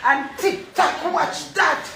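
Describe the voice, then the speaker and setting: A Jamaican woman chatting loudly with fans and showing off merchandise, exclaiming and swearing in patois. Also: sits high, slow pace, vocal fry, roomy sound, slight background noise. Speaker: dancehall personality showing off merchandise. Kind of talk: casual chat with fans at an event.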